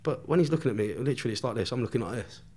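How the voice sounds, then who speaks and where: A man's voice: mid-range voice, expressive, rapid-fire, darkish tone, breathy edge. A man, a podcast guest telling a story in casual chat, swearing constantly and laughing as he goes.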